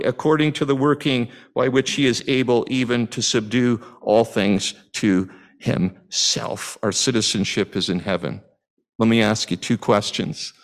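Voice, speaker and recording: A middle-aged man from Canada preaching a sermon, asking the congregation questions in a conversational way with frequent restarts. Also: mid-range voice. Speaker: pastor.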